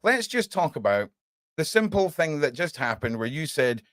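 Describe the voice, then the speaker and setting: Animated man hosting a live stream. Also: fairly high pitch, moderate pace, no echo. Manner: animated, swears casually, addresses chat as mate. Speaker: livestream podcast host. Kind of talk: casual live-stream chat with viewers.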